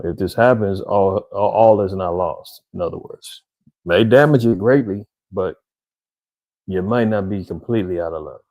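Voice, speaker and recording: A man with a warm, relaxed, dark tone gives a rambling commentary, full of slang and direct asides to his audience. His voice sits close and dry, with no room sound. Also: sits low, dry recording, poor audio. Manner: conversational, rambling, slangy, addresses viewers directly. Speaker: vlogger commentator. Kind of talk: casual commentary monologue.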